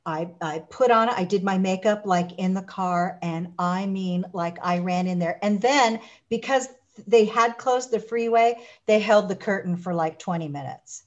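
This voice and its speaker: A woman guest in a casual interview, telling stories with lively acted-out quotes and frequent restarts. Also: mid-range voice, normal speed, few pauses, lo-fi sound. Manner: animated storyteller, acts out quotes.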